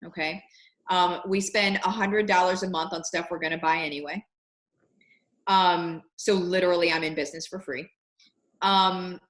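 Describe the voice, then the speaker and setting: A chatty woman in her thirties being interviewed, her voice sitting a bit low. She talks casually, circling back with restarts and breaking into easy laughs. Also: fairly bright tone. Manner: chatty, many restarts and fillers, laughs easily. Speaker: interview guest, network marketer. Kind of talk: casual interview over video call.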